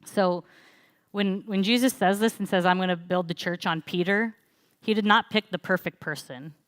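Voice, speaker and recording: A woman's voice: on the low side, normal speed, no echo. A young woman preaching in church, telling a personal story in a conversational way with frequent fillers. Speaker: pastor. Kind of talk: sermon.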